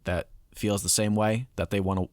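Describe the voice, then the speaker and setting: A man's voice: on the low side, flat delivery, moderate pace, no echo, studio quality. A man co-hosting a podcast, talking casually in a hesitant, rambling way with lots of fillers. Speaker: podcast co-host. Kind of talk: casual chat.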